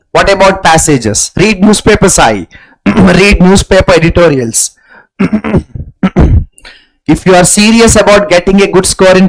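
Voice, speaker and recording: Tutor, man, high voice, repeats phrases as drills, clears throat often. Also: rough recording. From India. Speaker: English teacher. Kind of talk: live online exam-prep lesson.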